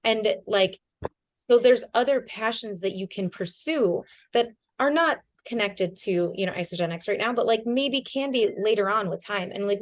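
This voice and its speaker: A woman's voice: mid-range voice, no room sound. Woman telling a rambling, heartfelt story. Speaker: team member on a community call. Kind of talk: casual chat on a group call. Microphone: video call.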